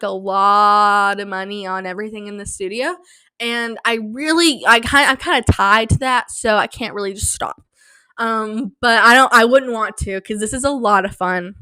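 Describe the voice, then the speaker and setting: A woman's voice: on the high side, bright, forceful tone, smooth, dry recording. Hyper, rambling young woman podcaster. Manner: hyper, rambling, self-mocking. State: sleep-deprived and slap-happy; sore throat from yelling. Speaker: podcast host. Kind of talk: casual solo podcast chat. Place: small home studio. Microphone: studio mic, close.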